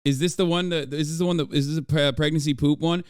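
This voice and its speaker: Excitable man on a dry close mic. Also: on the high side, fast talker, clean tone, dry recording. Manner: excitable, rambling, swears freely. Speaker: streamer reacting to clips. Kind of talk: casual livestream reaction.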